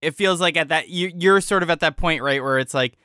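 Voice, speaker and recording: A podcast host with a smooth, clear voice gently restates the guest's feelings in a calm, thoughtful way. The sound is close and dry, with a mid-range pitch. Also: brisk, dry recording. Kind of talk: interviewer reflecting back.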